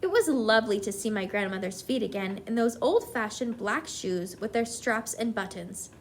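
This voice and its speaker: A woman teacher reading a children's book aloud to her class, with expressive, animated delivery. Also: mid-range voice, normal speed, slight background noise.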